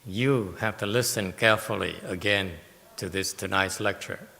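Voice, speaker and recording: A man giving a Buddhist Dharma lecture, explaining slowly and deliberately and taking questions from listeners. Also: fairly low pitch, vocal fry, pushed and bright, big-room sound. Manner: slow, deliberate, explaining with emphasis. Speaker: Buddhist teacher. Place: meditation hall.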